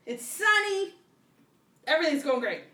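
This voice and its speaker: A woman on a podcast telling a story in a casual, animated way, acting out what people said in little voices. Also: high-pitched, moderate pace, far from the mic. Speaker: podcast co-host. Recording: roomy echo, voice a bit off-mic.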